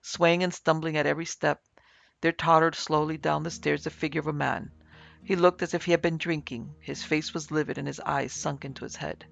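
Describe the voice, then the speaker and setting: A man narrating a classic ghost story in a formal, dramatic reading, in a slightly muffled recording with soft music. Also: fairly high pitch, level tone, fairly quick, vocal fry. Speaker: narrator and producer. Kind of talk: audiobook narration.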